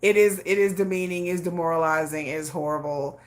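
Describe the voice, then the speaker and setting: A woman's voice: fairly low pitch, a little fast. Emphatic woman hosting a livestream. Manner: emphatic, repeats herself, laughs often. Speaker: livestream host. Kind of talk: casual livestream commentary.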